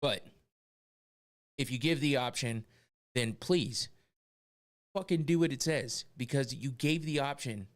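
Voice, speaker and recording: A man's voice: mid-range voice, measured pace, long pauses. Profane ranting man, casual podcast. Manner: profane, exasperated ranting with frequent laughs. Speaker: podcast host.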